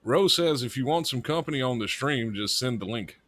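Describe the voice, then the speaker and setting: A man's voice: medium pitch, animated, normal speed, a bit bright. A man co-hosting a live internet radio stream as its producer, rambling and joking with casual swearing. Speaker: producer and co-host.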